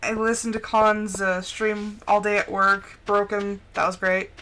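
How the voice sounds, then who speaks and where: A woman's voice: medium pitch, measured pace, a little hiss or hum. Chatty young woman streaming a game. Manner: chatty and playful, with animated storytelling asides. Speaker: live-stream gaming host. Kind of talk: casual live-stream chat while gaming.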